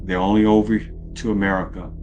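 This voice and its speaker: A man's voice: lowish voice, little pitch movement, brisk, muffled recording, over music. A man giving opinionated political commentary in a rambling way, asking rhetorical questions and often correcting himself. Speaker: video commentator.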